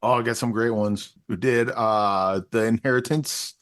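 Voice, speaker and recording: A man co-hosting a movie podcast in relaxed, casual chat, halting often with fillers. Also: lowish voice, no echo, clean studio sound. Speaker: podcast co-host.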